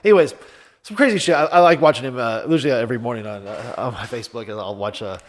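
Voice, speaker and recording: A man's voice: medium pitch, quick pace. A man hosting a casual podcast, rambling and stacking up fillers as he talks. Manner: rambling, full of fillers and restarts. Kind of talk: casual comedic chat.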